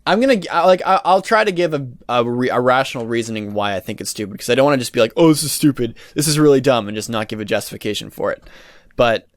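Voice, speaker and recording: A man's voice: medium pitch, quick pace, no room sound. A young man hosting a solo podcast, ranting in an exasperated, rambling way with lots of restarts and swearing. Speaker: podcast host. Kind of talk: casual solo podcast rant.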